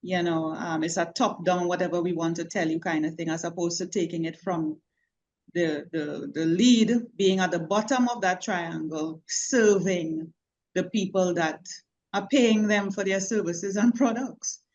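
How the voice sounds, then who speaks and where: A woman who is a communication consultant, chatting on a video call in a warm, affectionate way and laughing easily. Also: on the low side, unhurried. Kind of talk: casual video call chat. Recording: dull lo-fi call audio.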